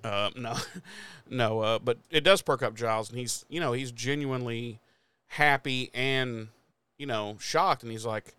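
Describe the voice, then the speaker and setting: A man's voice: medium pitch, moderate pace, pushed and bright, smooth, dry recording. A man co-hosting a podcast, chatting casually about a TV episode with lots of swearing and laughter, acting out characters' lines. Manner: profane, laughing, acts out lines from the show. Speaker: podcast co-host. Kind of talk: casual chat recapping a TV episode.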